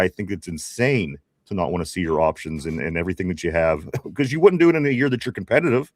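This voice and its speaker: Male sports podcast host, Pittsburgh accent, lowish voice, casual, laughs a lot. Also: no room sound, studio quality. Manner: chatty, laughs often, many restarts. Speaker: podcast host reading live chat.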